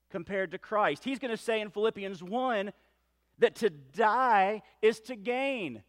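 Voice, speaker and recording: A man with a Southern US accent, a pastor preaching a sermon, reading scripture quietly, then building to loud, emphatic questions. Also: sits high, animated, measured pace.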